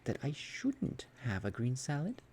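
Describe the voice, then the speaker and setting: A man's voice: medium pitch, huge pitch swings, unhurried, darkish tone, a little hiss or hum, voice pushed up. A man voicing a squeamish, easily horrified man with prim, aghast protests.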